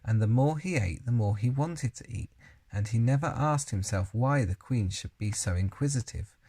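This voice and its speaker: A man's voice: mid-range voice, normal speed, mellow, slightly rough. A man reading a children's novel aloud, plainly and with the odd slip and self-correction. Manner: unpolished reading, occasional slips and self-corrections. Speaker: reader.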